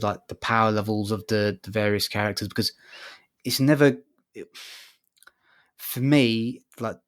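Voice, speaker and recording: A man co-hosting a casual podcast, talking thoughtfully and hesitantly with many ums. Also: fairly low pitch. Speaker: podcast co-host. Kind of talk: casual chat.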